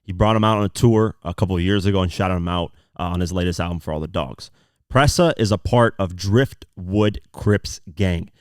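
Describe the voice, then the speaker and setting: A man's voice: deep voice, moderate pace, clear, resonant tone, no echo, clean studio sound. A man hosting a podcast, talking casually as he breaks down lyrics line by line with frequent fillers. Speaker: podcast host.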